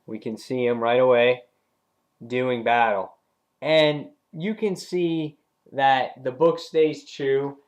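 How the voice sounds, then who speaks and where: A man casually reviewing a comic book, retelling the story with excitement and acting out the characters' lines in a raised voice. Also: mid-range voice, slow pace.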